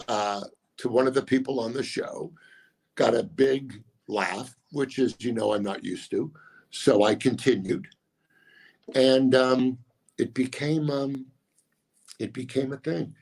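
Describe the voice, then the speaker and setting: Middle-aged male comic guest, husky voice, mid pitch, loose self-deprecating storyteller with lots of restarts. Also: takes it slowly, a little mellow. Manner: rambling, self-mocking anecdotes with many restarts. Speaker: comedian guest. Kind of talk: casual storytelling interview.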